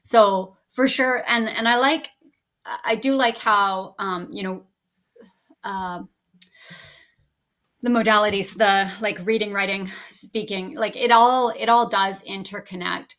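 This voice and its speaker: A middle-aged woman, an English language teacher, chatting as a guest on a podcast and telling lively stories about her classroom. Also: mid-range voice, slow. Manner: lively storyteller who acts out her students. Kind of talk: podcast interview conversation.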